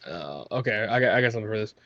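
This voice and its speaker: A man's voice: lowish voice, lively intonation, racing, dull audio, crowd noise. A man playing in a tabletop game, chatting casually, joking and swearing freely. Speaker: player. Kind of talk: casual chat.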